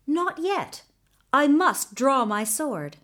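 Young fairy-tale hero, cool and patient, higher voice, lady reading. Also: slow, heavily acted. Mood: calm defiant. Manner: calm, stalling.

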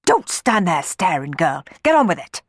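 Woman as a shrill storybook housekeeper, high, loud and scolding. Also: sing-song, slow pace, no echo, studio quality, full character voice. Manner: barking, scolding. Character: sharp, bossy woman housekeeper.

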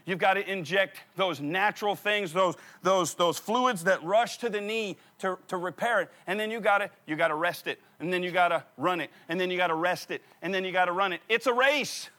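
A middle-aged man preaching a sermon, telling stories with animated repetition of key phrases. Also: sits high, brisk, few pauses. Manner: animated storytelling, repeats phrases for emphasis. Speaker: pastor.

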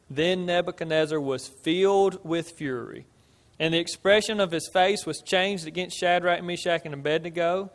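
A man preaching a sermon and reading scripture aloud, emphatic, swinging between loud and quiet. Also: sits high, normal speed. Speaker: pastor. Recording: long hall reverb.

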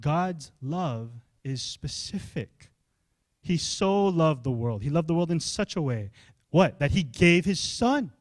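A young adult male pastor, preaching a sermon in an animated, conversational way and asking the congregation questions. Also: a little high, slow pace, no room sound, studio quality.

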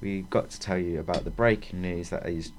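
Brief: male co-host, low-pitched, chatty and quick to laugh, faint hiss behind. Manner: chatty, laughs often, stumbles reading aloud. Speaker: football podcast co-host. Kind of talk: casual chat, reading results and predictions.

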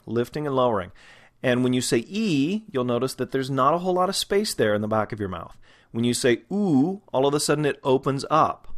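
A man's voice: mid-range voice, fairly bright tone. A man teaching a voice and dialect lesson, patiently walking through the parts of the mouth and demonstrating vowel sounds. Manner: patient, methodical explaining with spoken demonstrations. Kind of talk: instructional lesson.

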